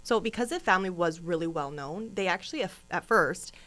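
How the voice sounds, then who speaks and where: A woman's voice: on the low side, animated, fairly quick, a bit bright. A woman co-hosting a true crime podcast in casual, chatty talk, rambling into asides and laughing often. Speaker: podcast co-host.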